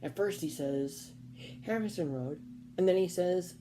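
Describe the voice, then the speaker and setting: A woman's voice: fairly low pitch, normal speed, music in the background. A woman vlogger telling a casual storytime, rambling with fillers and restarts.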